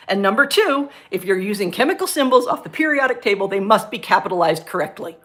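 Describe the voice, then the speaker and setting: A middle-aged woman, a former science teacher, chatting on her livestream and telling a story from her school days in an animated, ranting way. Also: fast talker, few pauses. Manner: animated, ranting storyteller with big pitch jumps. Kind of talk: casual chat on a livestream.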